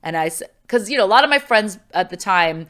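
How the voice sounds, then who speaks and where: A woman's voice: mid-range voice, fairly quick. A middle-aged woman talking casually as an interview guest, telling a personal story with lots of fillers and acted-out voices. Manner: animated, acts out quoted voices, many fillers. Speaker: podcast guest.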